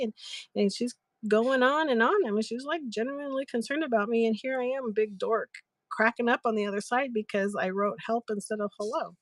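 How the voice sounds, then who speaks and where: Woman, livestream host, animated, laughs easily, dry close mic. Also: medium pitch, brisk, no echo. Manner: chatty, giggly, animated retelling. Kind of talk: casual storytelling to live chat.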